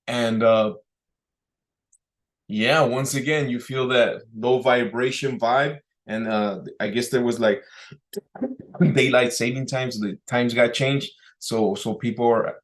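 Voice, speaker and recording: Man, vlog host, casual talking-head chat, halting, lots of fillers, clears throat, middle pitch. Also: steady tone. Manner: halting and rambling, many fillers and restarts, clears throat often; pushes emphasis into words on purpose as speaking practice.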